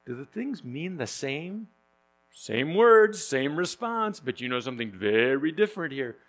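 A male pastor preaching a sermon in a conversational, joking way, often pausing with fillers and restarts. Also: fairly high pitch, big pitch swings.

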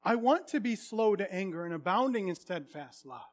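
A man in his thirties preaching a sermon, earnest, swinging from hushed confession to loud exclamations. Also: high-pitched, animated, normal speed.

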